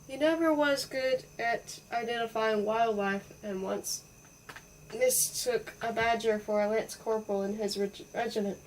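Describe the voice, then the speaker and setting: A woman reading a children's storybook aloud in a playful, expressive way. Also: a little high, measured pace, far from the mic, slight background noise, rough recording. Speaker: audiobook reader. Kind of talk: storybook narration.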